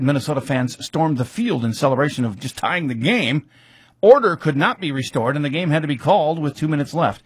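A man's voice: mid-range voice, breathy edge, dry recording, clean studio sound. A man recapping a football rivalry's history in casual talk, reading facts with offhand asides and fillers.

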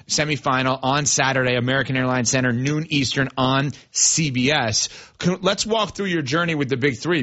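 A man hosting a sports show, introducing his guest briskly in short bursts of facts. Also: medium pitch, fairly bright tone, highs cut off. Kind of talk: broadcast interview.

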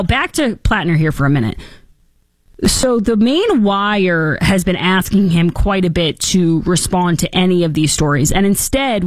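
A woman's voice: medium pitch, no room sound. Sarcastic woman political host, dry sound. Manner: sarcastic, animated, mocking asides. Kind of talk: opinionated political commentary.

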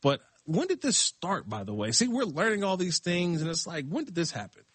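A middle-aged man chats on a sports talk show, loose and easygoing, often laughing. His voice sits a bit high and husky. The sound is dry and close. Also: big pitch swings, fairly quick, no room sound. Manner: laid-back, laughing, talks in loose restarts. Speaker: fill-in radio show host.

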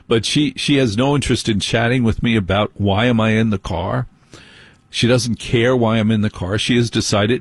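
A man's voice: lowish voice, normal speed, gravelly, husky, dry recording. A man hosting a late-night radio talk show, telling wry, grumbling stories with mock indignation. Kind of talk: casual comedic monologue.

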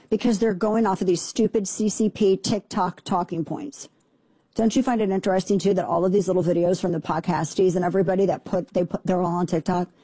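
A woman hosting a talk radio show, delivering indignant, sarcastic commentary in rapid rants. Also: lowish voice, warm tone, husky, no room sound.

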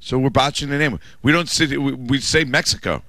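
A man's voice: mid-range voice, a little fast, bright, forceful tone, no echo. A man co-hosting a sports radio show, joking and arguing his points, often repeating words as he goes. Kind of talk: casual sports radio chat.

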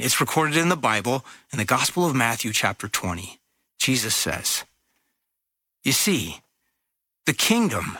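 A man reading a Bible parable aloud and teaching on it in an expressive storytelling way. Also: medium pitch, no echo.

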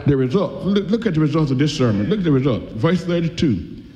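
A man preaching a sermon in a folksy way, reading scripture slowly and then rushing through his asides. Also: on the high side, very animated, dark tone. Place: church. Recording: echoey hall, dull lo-fi sound.

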